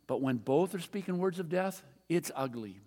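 In a large, reverberant hall, an older man with a high, slightly mellow voice gives an expressive sermon at normal speed. He treats it like a conversation, circling back to the same refrain and questioning his audience.

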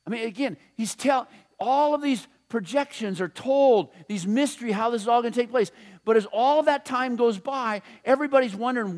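A man with a notably high voice delivers a sermon. He talks casually and animatedly, slipping into storytelling and playful asides as he preaches. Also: brisk. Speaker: pastor.

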